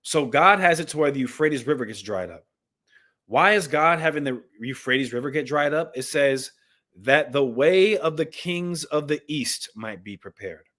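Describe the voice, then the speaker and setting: A man's voice: mid-range voice, fairly bright tone. Impassioned man commenting live to viewers. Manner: impassioned, talks straight to viewers, reads texts aloud. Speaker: livestream host and Bible commentator. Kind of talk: live news commentary with scripture reading.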